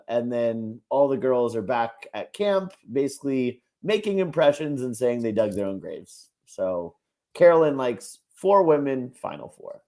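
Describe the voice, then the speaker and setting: A man's voice: mid-range voice, dark tone. A man co-hosting a casual reaction podcast, talking animatedly, laughing often and acting out quotes in exaggerated voices. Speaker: podcast co-host.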